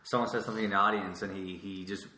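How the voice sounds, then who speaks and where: Fast-talking young man. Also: deep voice, fairly even intonation, pushed and bright, a little hiss or hum. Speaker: podcast host, comedian. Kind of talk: casual podcast chat. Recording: echoey room.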